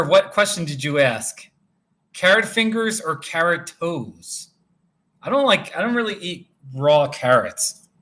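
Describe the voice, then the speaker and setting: Slow, rambling man chatting on a live stream. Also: mid-range voice, fairly bright tone. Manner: rambling, with many restarts, answering chat. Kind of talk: casual live-stream chat. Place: motel room.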